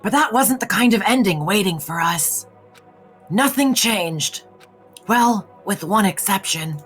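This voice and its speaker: A woman voicing a teenage boy who narrates his story in a measured, reflective way, as fan voice acting of a game. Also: mid-range voice, animated, a bit bright, faint music behind.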